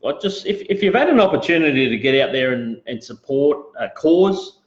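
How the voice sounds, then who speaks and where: A man's voice: medium pitch, lively intonation, a little fast. Australian male host, laid-back and rambling, casual live-stream chat, roomy lo-fi sound. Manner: rambling, laid-back, greets viewers, frequent fillers.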